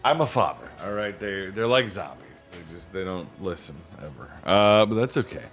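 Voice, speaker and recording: Sleepy guy rambling to his stream chat from home, low voice that bounces up and down a lot, some quiet music behind. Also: animated, normal speed. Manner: rambling, repeats himself, many fillers. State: tired from a sleepless night. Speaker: livestream host reading books aloud. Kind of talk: casual chat with live viewers. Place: home with family nearby.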